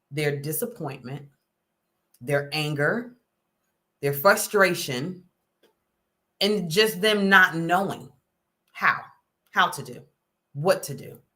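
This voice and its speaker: A middle-aged woman hosting a casual talk, folksy and animated, often checking in with "okay?". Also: on the low side. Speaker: host. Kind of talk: casual talk to a live audience.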